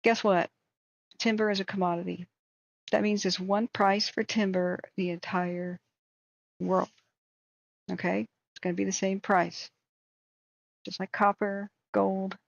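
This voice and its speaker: A hoarse woman hosting a wildfire tracking livestream, ranting in angry, exasperated commentary. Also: mid-range voice, flat delivery, a little slow, long pauses, no echo, dull audio.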